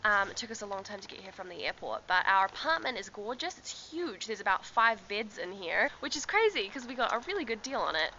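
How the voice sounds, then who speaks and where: A woman's voice: medium pitch, sing-song, a little fast, hardly any pauses, bright, forceful tone, dull audio, a little hiss or hum. A young woman telling a travel story to her camera in a chatty vlog, laughing often and filling with ums and likes. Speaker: travel vlogger. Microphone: handheld camera.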